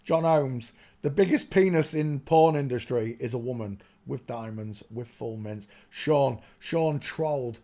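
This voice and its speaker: Warm in tone, medium-pitched, and unhurried, this man hosts a livestream. He rants to his chat in a meandering monologue, muttering under his breath as he looks for something on screen.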